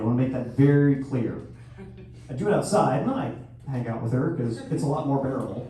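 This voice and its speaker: A man in his thirties doing a crude stand-up comedy set with sudden loud outbursts. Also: mid-range voice, fairly quick. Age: 30s. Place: live venue hall. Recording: echoey hall from far off, faint noise.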